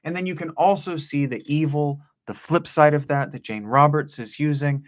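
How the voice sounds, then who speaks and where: A man hosting a reading, reading passages aloud and musing on them in a loose, discursive way, slipping into a deep radio voice for the passages. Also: normal speed. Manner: discursive, with restarts and asides. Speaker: host reading aloud and commenting. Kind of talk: rambling philosophical commentary between read passages.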